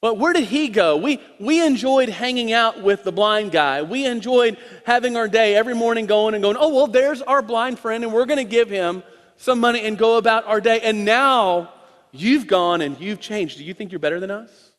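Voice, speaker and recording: A pastor doing sneering, mocking neighbors. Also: male voice, high voice, normal speed, fairly bright tone, big-room sound, pitched above the performer's own voice. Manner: mocking, incredulous. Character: sneering suspicious neighbors, adult men, mocking.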